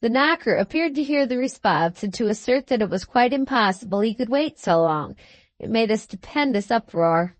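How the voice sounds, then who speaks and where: A woman reads a classic novel aloud in even, measured scripted narration. Her voice sits a little high, and the recording is close and dry with no room around it. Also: no echo. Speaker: audiobook narrator.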